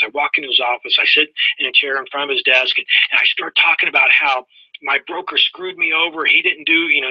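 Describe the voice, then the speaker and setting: Middle-aged man, webinar presenter, folksy storytelling, talks to his listeners, husky, muffled lo-fi audio. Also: a little high, no room sound.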